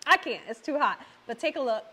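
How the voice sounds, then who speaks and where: A woman's voice: high-pitched, animated, fairly quick, fairly bright tone. A middle-aged woman hosting her home cooking channel, chatting exuberantly and speaking straight to her viewers. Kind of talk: casual cooking vlog chat.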